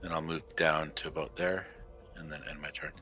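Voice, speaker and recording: A man's voice: rumbling low, flat delivery, fairly quick, sharp tone, soft background music. A man playing in a tabletop game, thinking aloud hesitantly with fillers. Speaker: player. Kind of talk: casual tabletop play.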